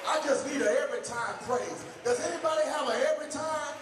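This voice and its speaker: A male pastor with a strikingly high voice preaches in a fervent call-and-response style. He sounds distant from the mic, his words ringing through a long-echoing hall. The congregation can be clearly heard behind him. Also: brisk, crowd noise, background noise. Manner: impassioned call-and-response preaching, rising to shouts. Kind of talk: sermon. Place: church sanctuary. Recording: echoey hall from far off, congregation audible.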